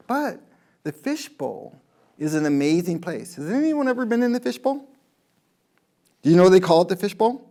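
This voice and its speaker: A man's voice: sits high, sing-song, moderate pace, pauses often, warm tone. A man, a golf pro, giving a rambling motivational talk to a live audience, telling stories and asking the crowd questions.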